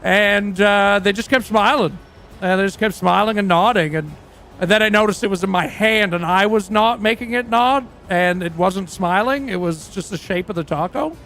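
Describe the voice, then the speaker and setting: A man's voice: sits high, moderate pace, fairly bright tone, soft background music. A man playing a crude, boastful aging rock singer who tells rambling, profane stories in a role-play livestream.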